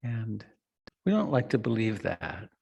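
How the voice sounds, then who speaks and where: A middle-aged man giving a reflective meditation talk, slow and soft, with long pauses and trailing lines. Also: on the low side, sing-song, vocal fry, slightly rough. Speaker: meditation teacher. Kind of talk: dharma talk.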